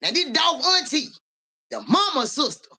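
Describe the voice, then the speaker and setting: A woman's voice: high voice, very animated, moderate pace, bright, forceful tone. A woman livestreaming as a psychic reader, talking in profane street slang, calling viewers by name and asking "you hear me" over and over, with a cough now and then. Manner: coughs and clears throat. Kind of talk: casual livestream talk.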